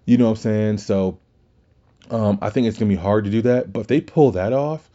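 A man's voice: on the low side, a little fast, dark tone, dull audio. A man hosting a podcast, rambling and swearing in casual talk with many restarts. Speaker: podcast host.

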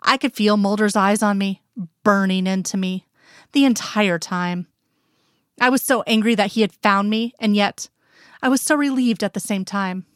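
A woman reads a first-person story in a calm, reflective way. Her voice is mid-pitched and close to the mic, with a dry sound and no room around it. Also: moderate pace, smooth, dry recording. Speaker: reader. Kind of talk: first-person fan fiction narration.

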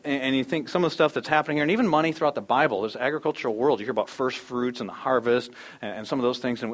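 A man in his thirties preaching a sermon as a pastor, conversational and storytelling, acting out the voices in his stories. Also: mid-range voice.

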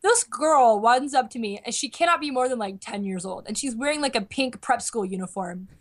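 A young woman chatting casually, an animated storyteller full of fillers who acts out quotes. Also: on the high side, a little fast. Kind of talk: casual chat.

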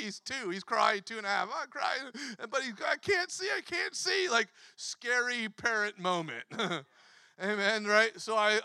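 A pastor in his thirties telling a story in a sermon, animated, acting out quotes and laughing often. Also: high-pitched, clean tone, no echo.

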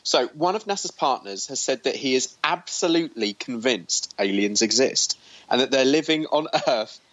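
A man's voice: mid-range voice, animated, normal speed, a bit bright, lo-fi sound. A man co-hosting a podcast from his hotel room, chatty and joking, with lots of ums. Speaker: podcast co-host. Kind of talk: casual chat.

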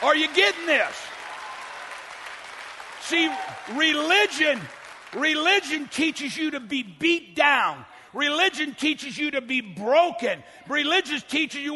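An older man preaching a sermon as pastor, shouting often and rushing through quick asides. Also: extremely high pitch, expressive, big-room sound, some chatter behind, slight background noise.

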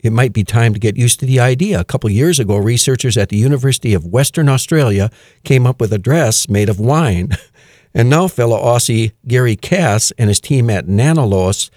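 A man hosting a radio music show, chatting casually with many fillers and reading news items aloud with quiet amusement. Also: mid-range voice, fairly quick, no echo, studio quality. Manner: relaxed and chatty, with frequent "uh" fillers and chuckles.

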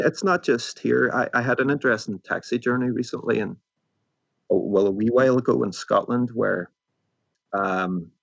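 A Northern Irish man reflects aloud as an interview guest, musing and thoughtful, often letting his sentences fade. His low voice is gravelly and husky. The sound is close and dry. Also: dry recording, dull audio. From Northern Ireland. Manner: thoughtful, musing, trails off softly. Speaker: author guest.

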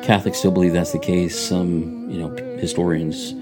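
A man's voice: sits low, little pitch movement, moderate pace, music in the background. A man co-hosting a faith podcast from a church radio studio, chatty and upbeat, sometimes reading passages aloud. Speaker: podcast co-host. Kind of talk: casual radio chat.

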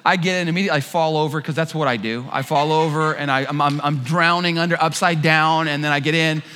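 A man preaches in a large church, and his high, bright voice rings out with a long reverb. He tells stories with lively energy and acts out the lines of the people in them, sometimes shouting them. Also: fast talker. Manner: animated storyteller, acts out quotes with shouts. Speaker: pastor. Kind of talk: sermon with a humorous personal story.

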